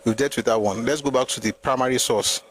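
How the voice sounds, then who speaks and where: A Nigerian-accented man hosts a live history talk at a mid pitch. He argues hard, firing off rhetorical questions and answering them himself. A faint noise sits under his voice. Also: fairly even intonation, quick pace, poor audio. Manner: argumentative, full of rhetorical questions. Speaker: host.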